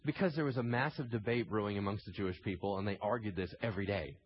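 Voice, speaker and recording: A man preaching a sermon, telling the story with animated swings between loud emphasis and quiet intensity. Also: lowish voice, fast talker, lo-fi sound, slight background noise. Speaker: pastor.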